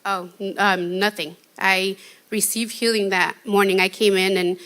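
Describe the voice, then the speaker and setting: Earnest shy woman, bright voice. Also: medium pitch, level tone, measured pace. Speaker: guest giving testimony. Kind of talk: church testimony interview.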